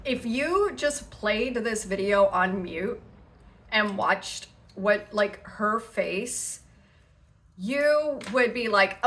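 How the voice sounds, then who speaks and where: A woman's voice: mid-range voice, expressive, extremely slow, noisy background. A woman hosting a reaction commentary on internet drama, sarcastic and dramatic as she mimics others. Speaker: commentary host.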